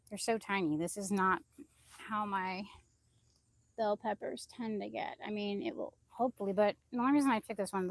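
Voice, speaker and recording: Casual woman vlogger, outdoors on a phone mic, loose and chatty, dry sound. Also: dry recording. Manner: chatty, rambling, calls out high to her chickens. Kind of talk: casual live-stream chat. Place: outdoor backyard garden. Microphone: phone held in hand.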